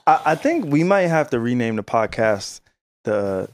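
A man at a middle pitch, chatting easily on a podcast with his co-hosts. He leads the conversation, asking his friends questions and moving the talk along. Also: very animated, moderate pace. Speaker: podcast co-host. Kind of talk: casual chat.

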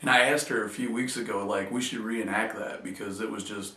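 A man's voice: fairly low pitch, fairly even intonation, fairly quick, hardly any pauses, sharp tone. A man talking casually to camera, telling a funny story in a loose, joking way. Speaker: vlogger. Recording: echoey room, distant mic.

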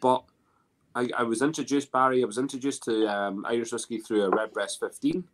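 A man's voice: medium pitch, fairly even intonation, brisk. A man with a Scottish accent chatting casually on a video call, rambling with many restarts and fillers. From Scotland. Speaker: guest. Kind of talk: casual chat.

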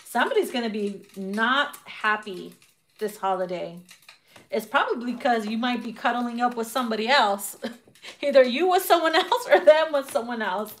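A woman's voice: on the high side, moderate pace. A woman giving a casual tarot reading, brash and profane, laughing often and acting out people's reactions, with her voice getting worn. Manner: animated, acts out quoted reactions. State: losing her voice. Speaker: tarot reader.

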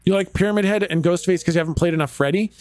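A man's voice: high voice, very fast, darkish tone, no echo, soft background music. A Canadian man casually chatting with his viewers while streaming a game, laid-back and chatty, with frequent laughs and some swearing.

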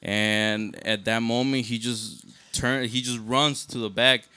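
A young man retells a story on a podcast, switching between Spanish and English. His voice is bright and crisp, and the sound is close and dry. The telling is lively and casual. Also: medium pitch, a little slow, no room sound. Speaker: podcast guest, band member.

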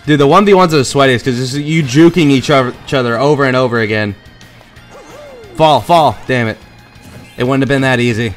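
A man giving excitable, profane gameplay commentary, trash-talking and yelling at the screen. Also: medium pitch. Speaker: gaming channel host.

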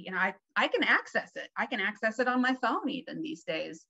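Woman presenter, bright and chatty, dull webinar sound. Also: fairly high pitch, lively intonation, a little fast, vocal fry. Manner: conversational, many fillers. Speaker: seminar presenter. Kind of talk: webinar lecture.

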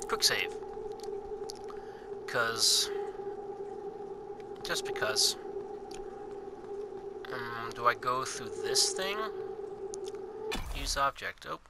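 Swearing young gamer talking slowly. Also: male voice, mid-range voice, vocal fry, very noisy. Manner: swears often, jokes and rhymes to himself. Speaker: gaming channel host. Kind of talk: casual gaming commentary. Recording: game music playing behind.

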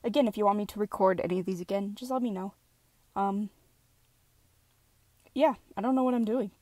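Woman, mid-pitched, apologetic and self-deprecating, rambling between takes, dry close mic. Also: fairly quick, darkish tone, no echo. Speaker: fan voice actor. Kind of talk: casual recording-session chatter.

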